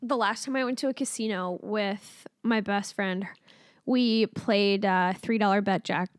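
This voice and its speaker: A woman's voice: medium pitch, steady tone, a little slow, clean tone, dry recording. A woman co-hosting a casual podcast, mostly giving short reactions and telling jokes at her own expense. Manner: mostly brief reactions, self-deprecating joking. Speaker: podcast co-host. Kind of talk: casual chat.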